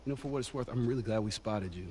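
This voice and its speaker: A man's voice: medium pitch, rapid-fire, dark tone, close to an everyday voice. An actor playing a wary young man in a video game who leads the way and reassures others urgently. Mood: earnest. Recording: game audio under background noise.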